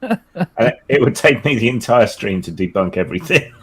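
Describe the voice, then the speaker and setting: A man's voice: mid-range voice, fairly bright tone, slight background noise. A man speaking as a guest in a casual chat, blunt and dismissive, laughing often.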